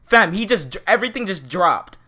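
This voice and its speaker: A man with a high, bright, sharp-edged voice reacts to a clip on his stream. He swings up and down in pitch as he laughs and breaks into loud outbursts, in a casual, excitable commentary. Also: moderate pace, slightly rough.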